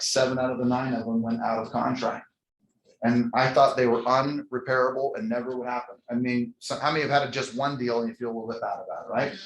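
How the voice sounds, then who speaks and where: A man leading a motivational real estate sales training for a live audience, energetic and preachy, calling on people by name. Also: medium pitch, a little hiss or hum. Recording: echoey room.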